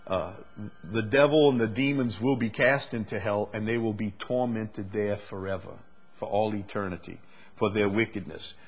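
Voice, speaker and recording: A man's voice: fairly low pitch, slightly rough. A man preaching a sermon, reading scripture aloud and building to emphatic, rising delivery.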